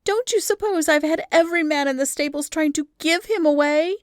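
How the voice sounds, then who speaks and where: A woman reading aloud and voicing a flustered young society woman who wails in dramatic exasperation, high above her own voice. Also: brisk, dry recording, clean studio sound, close to an everyday voice. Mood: exasperated.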